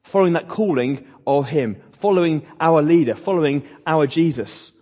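A pastor preaches in a chatty, conversational way, slipping into mocking asides. His voice sits fairly high and a bit husky. The sound is dull and lo-fi, with a long echo from the church hall. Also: moderate pace. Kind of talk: sermon.

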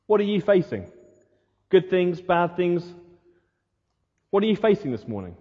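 A man's voice: sits high, big pitch swings, measured pace. A male pastor giving a sermon in an earnest way, asking his listeners the same questions again and again. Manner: earnest, repeats rhetorical questions. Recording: muffled sound with long hall reverb.

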